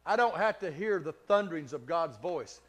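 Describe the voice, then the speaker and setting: A man preaching a sermon in a Southern Kentucky accent, his voice pitched high and cutting bright. He drives his points hard and loud, then drops to soft, intimate near-whispers, chuckling between phrases. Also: animated, moderate pace. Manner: laughs between phrases and drawls stretched key words. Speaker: pastor.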